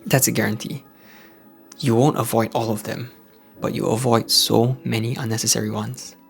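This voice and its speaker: A Singaporean man with a gravelly edge to his voice talks in a hushed, quiet way, like someone keeping his voice down indoors at night. His pitch sits in an ordinary middle range. Faint music plays softly behind him. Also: little pitch movement, moderate pace. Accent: Singaporean English. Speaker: host of a faith-based channel for men. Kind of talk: casual motivational vlog talk. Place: at home indoors late at night. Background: faint background music.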